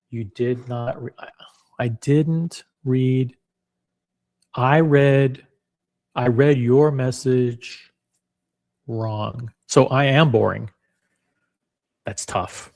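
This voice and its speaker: A man hosting a casual livestream, chatty and blunt, reading viewer comments aloud with quick restarts and self-deprecating asides. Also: medium pitch. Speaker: livestream host reacting to watch predictions.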